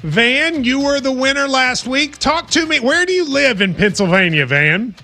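A sports radio host with a high, bright voice. He keeps things upbeat and brisk as he works through the callers. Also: expressive, faint music behind.

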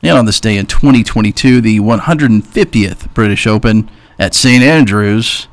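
A man's voice: lowish voice, normal speed. A man hosting a sports radio show, reading trivia lists and teasing his co-host in casual chat.

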